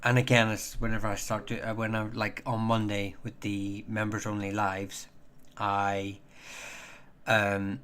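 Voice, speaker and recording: A man hosting a casual livestream and chatting with viewers in a rambling, halting way, with many fillers and restarts. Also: on the low side, completely flat delivery, a bit bright, clear, resonant tone. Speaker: livestream host.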